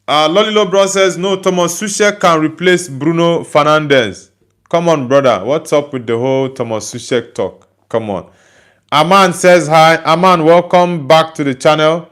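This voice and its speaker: A man's voice: on the high side, normal speed, fairly bright tone. A Nigerian man, a native Igbo speaker, hosting a casual livestream and chattily answering viewer comments he reads aloud. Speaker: host.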